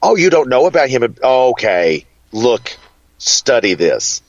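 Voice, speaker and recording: A man's voice: mid-range voice, sing-song, slow, a crowd in the background. A man from Kentucky with a Southern accent, telling stories as a guest in a casual interview in a chatty, flamboyant way. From Kentucky, USA. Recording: dull, dry lo-fi sound.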